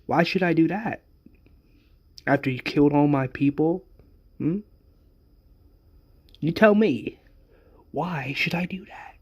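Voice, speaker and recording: Brief: man doing a menacing middle-aged villain boss, taunting, slow and threatening, flaring into shouts. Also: on the high side, animated, husky, lo-fi sound, exaggerated voice.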